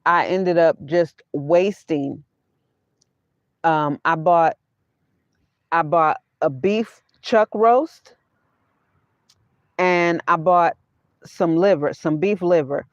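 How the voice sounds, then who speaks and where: Woman vlogger, unhurried, repeats herself, dull lo-fi dry sound, chatting to livestream viewers from her van. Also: fairly low pitch, dry recording. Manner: repeats her phrases, laughs often, talks straight to chat. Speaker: vanlife vlogger hosting a livestream. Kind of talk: casual livestream chat with viewers.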